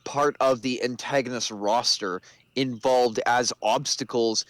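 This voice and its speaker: Male co-host, smooth mid voice, easygoing casual talk, dry sound. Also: medium pitch, steady tone, unhurried, no echo. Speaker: podcast co-host. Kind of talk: casual chat.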